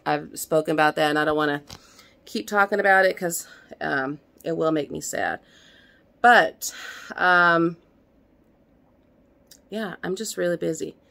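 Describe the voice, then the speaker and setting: Mom vlogging at home, kinda out of breath, slow and chatty, lots of ums. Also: female voice, fairly low pitch, a bit bright. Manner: rambling, chatty, lots of fillers and restarts. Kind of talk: casual chat to camera. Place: at home, indoors.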